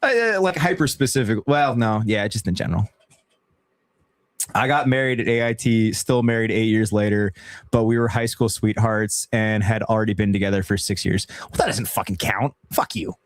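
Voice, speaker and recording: A man's voice: on the low side, normal speed. A young man hosting a casual live stream, laughing and swearing as he talks. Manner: laughing, swearing, lively banter.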